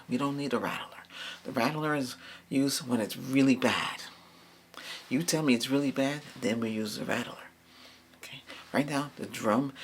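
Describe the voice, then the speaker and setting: A middle-aged man doing a reiki ASMR cleansing, repeating soft commands for a spirit to leave and slipping in and out of whispers. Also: mid-range voice, gravelly, slight background noise. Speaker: reiki healer.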